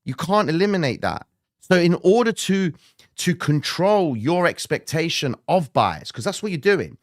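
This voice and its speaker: A male trading show host answering questions in a blunt, swearing rant that jumps from low muttering to loud outbursts. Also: no room sound, clean studio sound. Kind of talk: live trading Q&A, animated rant.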